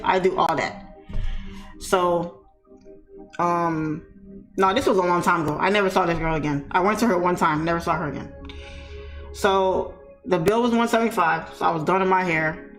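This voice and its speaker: A woman telling a story in a casual, animated way, speaking straight to her viewers. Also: on the low side. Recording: echoey room with faint music.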